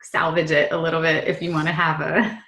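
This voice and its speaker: A woman's voice: low-pitched, flat delivery, fairly quick, a bit bright, echoey room. A woman guest in a casual conversation, giving practical advice.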